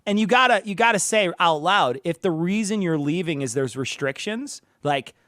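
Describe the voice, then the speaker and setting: A man's voice: high-pitched, animated, moderate pace, a bit bright, no echo, studio quality. A man co-hosting a casual podcast chat, profane and laughing, often mimicking others. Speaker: podcast co-host.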